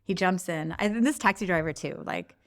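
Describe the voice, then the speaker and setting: A woman's voice: on the low side, brisk. A woman from Canada co-hosting a podcast, explaining context in a friendly way and laughing often. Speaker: podcast co-host. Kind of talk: casual storytelling chat.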